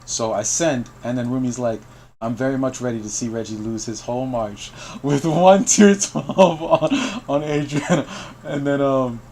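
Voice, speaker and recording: A man's voice: medium pitch, normal speed, mellow, slight background noise. Man laughing through a gaming story. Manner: laughs often, quotes chat messages. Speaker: host of a game news stream. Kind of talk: casual storytelling to call guests.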